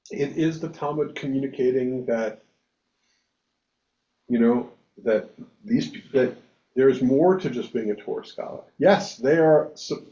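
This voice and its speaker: A man's voice: a little high, warm tone. A man who is a rabbi, talking animatedly in a casual discussion, with frequent restarts and emphatic bursts. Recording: echoey room, dull lo-fi sound.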